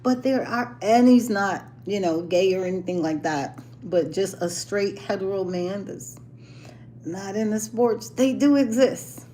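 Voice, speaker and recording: A woman's voice: medium pitch, measured pace, dark tone, slight background noise. Playful chatty woman, laughing often. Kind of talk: casual chat.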